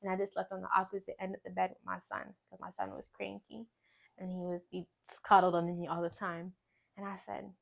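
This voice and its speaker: A young woman giving a personal testimony in conversation, earnest and storytelling, often dropping to a quiet voice. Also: level tone, brisk, gravelly. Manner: earnest, storytelling, drops to quiet low voice when recounting. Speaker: guest sharing testimony.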